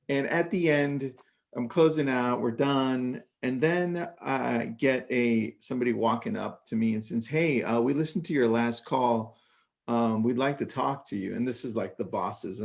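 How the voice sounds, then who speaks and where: A man co-hosting a casual real estate panel chat, telling stories in a lively, animated way with quick asides. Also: mid-range voice, gravelly. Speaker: podcast co-host.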